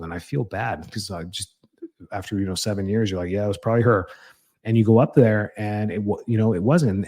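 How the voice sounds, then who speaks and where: Mellow, low-voiced man giving parenting advice. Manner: conversational, with frequent fillers and restarts; reassuring, explanatory. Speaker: chiropractor host. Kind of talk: casual advice talk.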